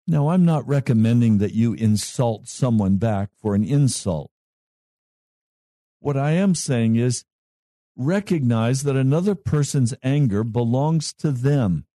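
A male pastor preaching a sermon in a slow, measured way with long pauses. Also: medium pitch, lively intonation, mellow, dry recording, clean studio sound.

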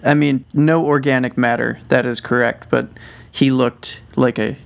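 A young man from Minnesota, co-hosting a podcast in casual chat and pitching ideas in a laid-back way. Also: fairly even intonation, measured pace, creaky. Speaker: podcast co-host.

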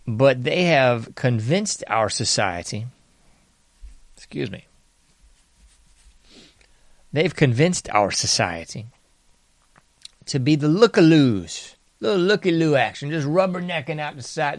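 A man hosting a commentary show, talking in a sarcastic monologue that mocks bystanders and swings from loud to hushed. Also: fairly high pitch, lively intonation, slow, pauses often, no room sound. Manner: sarcastic, mocking mimicry of bystanders; varies loudness a lot, sometimes dropping to whispers. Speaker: political commentary host.

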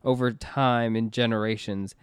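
A man with a smooth, resonant voice hosts a casual podcast chat. He rambles along and keeps restarting his sentences. The sound is close and dry, with no room in it. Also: medium pitch, fairly even intonation, moderate pace, dry recording. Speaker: podcast host.

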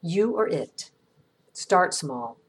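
A middle-aged woman hosts an inspirational podcast and reads a scripted reflection in a gentle, earnest way, with slow pauses. Her voice is husky and sits fairly low for a woman. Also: sing-song. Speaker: podcast host.

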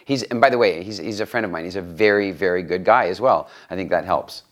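A middle-aged man with a voice set a little low tells stories as an interview guest. He reflects as he speaks, and he doubles words while he works out the next thought. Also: fast. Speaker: guest, studio owner. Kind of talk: conversational interview storytelling.

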